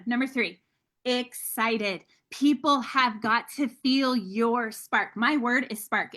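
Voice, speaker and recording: A sales team leader with a high voice gives a motivational team training talk, upbeat and energetic as she coaches. She speaks candidly and calls her listeners "guys."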